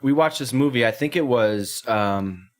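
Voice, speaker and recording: A man's voice: medium pitch, a little slow. A man co-hosting a podcast, telling stories in casual, profane chat. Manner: profane, animated storytelling. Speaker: podcast co-host.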